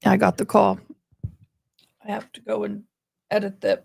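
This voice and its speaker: A tired, grieving woman hosting a casual livestream chat, talking slowly with frequent pauses and ums. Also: medium pitch, completely flat delivery, vocal fry, darkish tone, a little hiss or hum. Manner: slow, meandering, with frequent ums. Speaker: livestream host.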